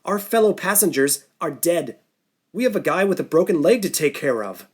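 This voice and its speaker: A man's voice: medium pitch, animated, moderate pace, slightly rough. A man voicing a stern middle-aged doctor who takes charge of a group of survivors in a storybook. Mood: commanding. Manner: commanding, stern.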